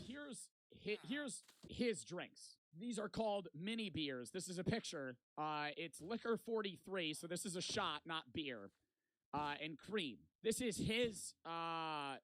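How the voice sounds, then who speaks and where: A man's voice: high voice, animated, unhurried, a bit bright, no room sound. A young man casually telling a long vacation story, rambling and swearing a lot and often tagging lines with "right?". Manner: rambling, profane, repeats "right?". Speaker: vlogger.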